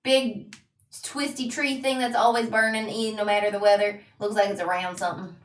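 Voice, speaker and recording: A woman playing a tabletop game, animated, suspicious and quick to protest. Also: medium pitch. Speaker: player. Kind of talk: casual tabletop role-play. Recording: echoey room, distant mic.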